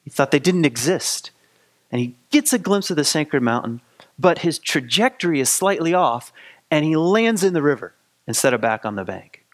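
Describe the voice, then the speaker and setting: A man, a spiritual teacher, telling a story in a casual, halting way with frequent restarts. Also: fairly high pitch. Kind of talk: storytelling talk.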